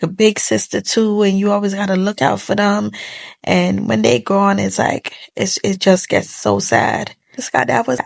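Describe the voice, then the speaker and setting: Young woman vlogging a sad story to her phone, gravelly fry in her voice, fighting back tears, talks real casual. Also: medium pitch. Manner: tearful, heartfelt, holding back tears; casual colloquial speech. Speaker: vlogger telling a personal story. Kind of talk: emotional storytime monologue. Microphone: phone camera facing the speaker.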